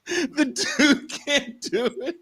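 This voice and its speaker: A man's voice: extremely high pitch, slow, dry recording. A man co-hosting a casual political podcast, retelling a comedy sketch with lots of swearing. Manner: animated storytelling, swears often. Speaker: podcast co-host.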